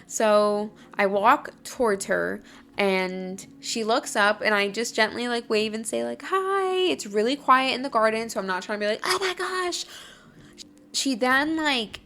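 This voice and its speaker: A young woman hosting her own podcast, recounting a story with gushing excitement and a constant stream of "like". Her voice sits a little high for a woman. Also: moderate pace. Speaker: podcast host. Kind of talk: casual storytelling.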